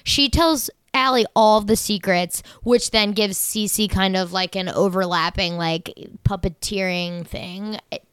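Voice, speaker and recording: Woman podcast co-host, rambling and excitable, smooth resonant voice. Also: medium pitch, measured pace, dry recording. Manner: rambling, excitable, swears freely. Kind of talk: casual chat recapping a TV show.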